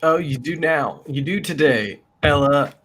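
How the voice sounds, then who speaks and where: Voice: mid-range voice, measured pace, a bit bright, slight background noise. Wry, boastful tabletop player. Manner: boastful, wry, mock-worried. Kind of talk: in-character tabletop play.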